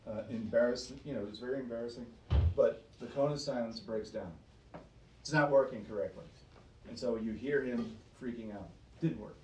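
A man's voice: medium pitch, darkish tone, slight background noise. A man preaching to a small group, emphatic and fond of rhetorical questions, often repeating himself. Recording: roomy sound from a distance.

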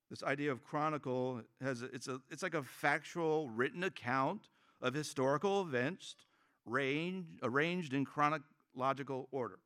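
A man's voice: mid-range voice, moderate pace, a bit bright. A man preaching a sermon as pastor, conversational and joking, acting out quoted voices.

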